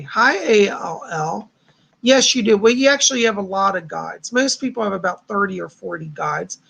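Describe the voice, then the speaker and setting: A man's voice: sits high, expressive, normal speed, creaky, pushed and bright, slightly rough. A man hosting a live stream of psychic readings, talking in a chatty, reassuring way with a somewhat strained voice. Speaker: psychic host.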